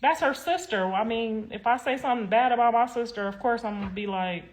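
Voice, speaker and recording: A young adult woman streams casually, her slightly high voice fairly quick, with a little hiss or hum in the audio. She talks directly to viewers in a sassy, blunt, rambling way and doesn't hold back on swearing.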